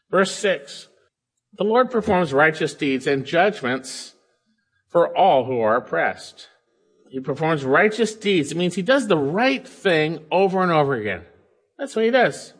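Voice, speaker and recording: Emphatic preacher, a man teaching scripture. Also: a bit bright. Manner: emphatic, swings between high stresses and low asides. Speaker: pastor. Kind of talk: expository sermon.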